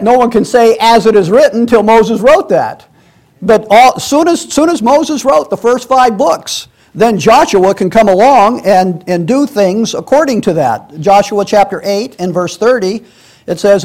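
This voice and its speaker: A man's voice: high-pitched, moderate pace, darkish tone. A man teaching a Sunday school class in a church, reading scripture aloud and explaining it in a conversational way, with many restarts and asides.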